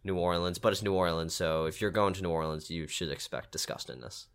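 A man's voice: low-pitched, fairly even intonation, fairly quick, fairly bright tone, clear, resonant tone. Rambling man hosting a podcast segment. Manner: rambling, repeats himself with many "like"s. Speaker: weather and trivia segment host. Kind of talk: casual podcast chat.

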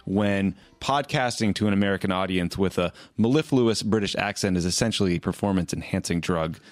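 A man's voice: sits low, brisk, no echo. A man hosting a podcast, interviewing his guest in a casual chat and asking dry, joking questions. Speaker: podcast host.

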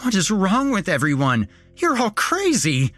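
A man voicing a panicked man who waves a shotgun and shouts in alarm during a horror story. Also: sits high, wildly swooping pitch, a little slow, soft background music, pitched above the performer's own voice, heavily acted. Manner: shouting, frantic.

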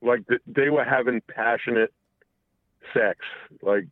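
A man calling in and telling a personal story casually, halting and profane, full of restarts. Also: medium pitch, dry recording. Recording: tinny phone line.

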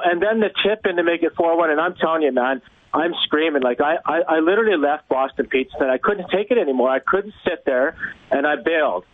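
A man calling in to a sports radio show, rambling as an excited, frustrated fan. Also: fairly high pitch, dry recording. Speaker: caller. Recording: tinny phone line.

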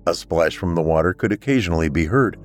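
Man, podcast storyteller, very low voice, measured scripted narration. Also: expressive, soft background music.

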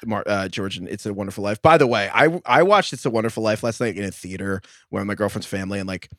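A man co-hosting a football podcast in casual chat, excitable, laughing often and stumbling over his words. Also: fairly low pitch, fast, dry recording, studio quality. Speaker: fantasy football podcast co-host.

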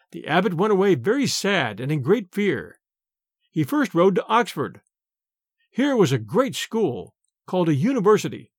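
Lively high-voiced man reading a story. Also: no room sound, studio quality. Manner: expressive, measured reading. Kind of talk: scripted storybook narration.

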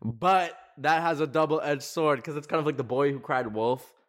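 A man hosts a casual chat show from his garage, sweating in the summer heat as he rambles, leans heavily on fillers, and pokes fun at himself. His voice is fairly high and his pace moderate.

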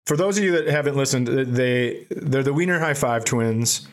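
Speaking at normal speed in a mid-range voice, this podcast co-host spins funny, foul-mouthed stories casually, chuckling at his own punchlines.

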